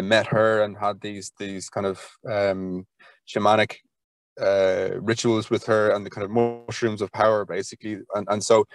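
A man's voice: on the low side, no room sound. Rambling Irish man, dry sound. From Ireland. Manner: enthusiastic, rambling, full of "kind of" fillers and restarts. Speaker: podcast guest, folklore archivist. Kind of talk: conversational interview.

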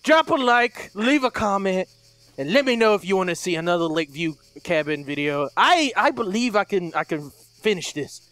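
A man's voice: high voice, expressive, normal speed, a bit bright, dry recording. A man doing let's play commentary, jumpy and profane, shrieking when startled and muttering repeated nervous words. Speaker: gameplay commentator. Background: game music.

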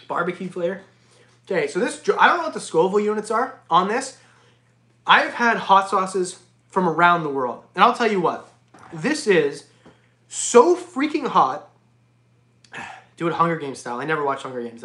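A man hosting a casual reptile livestream, jokey and excitable, often breaking into laughs. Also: high voice. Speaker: reptile channel host. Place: home reptile room. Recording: echoey room.

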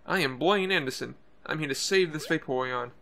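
Man plays a bright-voiced, preachy young do-gooder, sing-song and repetitive, slightly high. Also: a little fast, vocal fry, a little hiss or hum. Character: earnest preachy young man who sings.

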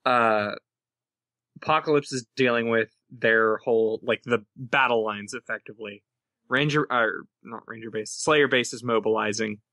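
Bright-voiced man thinking aloud at a game table. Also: medium pitch, normal speed, no echo. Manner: thinks aloud while planning strategy. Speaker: player.

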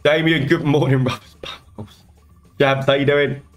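A man hosts a live stream in a chatty, upbeat way, greeting viewers one after another. His voice sits at an ordinary middle pitch. Faint music plays underneath. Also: flat delivery. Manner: upbeat, greets chat viewers by name in rapid sing-song bursts. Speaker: slot streamer host.

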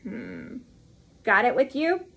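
Female reader doing a dry, grave male lawyer, crisp and measured, a touch husky. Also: on the high side, big pitch swings, a bit bright, heavily acted.

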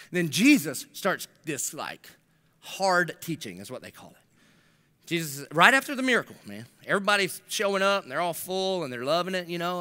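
A man's voice: on the high side, bright, forceful tone. A middle-aged man preaching a sermon, telling stories animatedly and acting out the voices in them with slangy jokes. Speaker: pastor.

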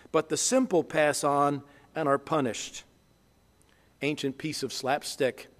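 Man preaching in a reverberant church. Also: medium pitch. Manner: animated preaching, leads congregation in call-and-response. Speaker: pastor. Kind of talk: sermon. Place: church sanctuary.

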